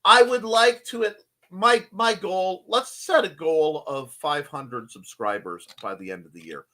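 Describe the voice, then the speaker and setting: A man's voice: sits high, unhurried, pushed and bright. A man hosting a casual live stream from his home desk, rambling and joking and greeting people in the chat. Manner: rambling, jokey, greets chatters.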